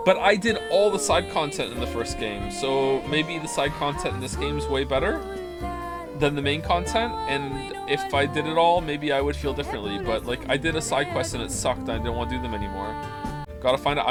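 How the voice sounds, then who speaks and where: A man streaming a video game, giving blunt, profane, rambling commentary over game music. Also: medium pitch. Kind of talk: casual playthrough commentary.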